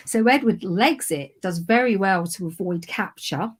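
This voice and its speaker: A woman's voice: mid-range voice, a little slow, husky. A woman hosting a history livestream, chatting casually and laughing at herself over a video call. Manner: chatty, self-deprecating, laughs often. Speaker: history podcast host.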